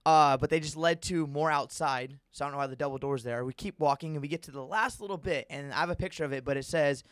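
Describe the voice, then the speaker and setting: Brief: young male podcast host, rapid rambling profane storyteller, slightly high, dry close sound. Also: a bit bright, smooth, no echo. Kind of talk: casual storytelling chat.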